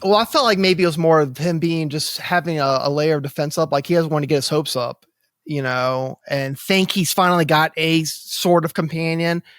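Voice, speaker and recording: Man, podcast co-host, casual rambling chat, slightly high pitch, dry sound. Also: normal speed, fairly bright tone, no room sound. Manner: rambling, many fillers and restarts.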